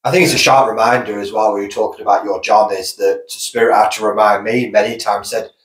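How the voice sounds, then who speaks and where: A man's voice: lowish voice, fairly even intonation, a little fast, roomy sound, rough recording. A male podcast co-host chatting casually, adding supportive, reflective remarks.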